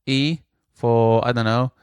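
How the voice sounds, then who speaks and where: A man's voice: mid-range voice, lively intonation, a little slow. A man teaching singing, explaining and demonstrating exercises with sung syllables. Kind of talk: vocal lesson with sung exercises.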